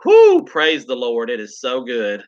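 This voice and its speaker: Southern guy w a south carolina drawl, bright chatty voice, talking to his live chat, kinda dull lo-fi stream audio. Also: medium pitch, unhurried. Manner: chatty, upbeat, drawling, reads and answers viewer comments. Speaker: gardening channel host.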